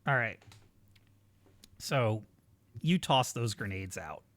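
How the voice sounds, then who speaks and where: A man's voice: on the low side, animated, slow pace, a bit bright, no echo. A man narrating a tabletop role-playing game as game master, describing the scene casually with many fillers.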